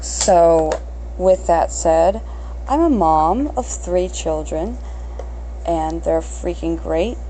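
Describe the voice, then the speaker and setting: A woman's voice: lowish voice, lively intonation, slow, mellow, slight background noise, low-quality recording. A woman in her thirties hosting an unscripted solo podcast, crass and blunt, swearing freely and mocking herself. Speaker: podcast host.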